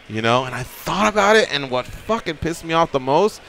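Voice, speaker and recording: A man's voice: fairly high pitch, fairly quick, hardly any pauses, a little hiss or hum. Rambling man telling a studio story. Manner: animated, rambling, swearing, acts out quotes. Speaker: radio show co-host. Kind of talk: casual storytelling chat. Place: radio studio.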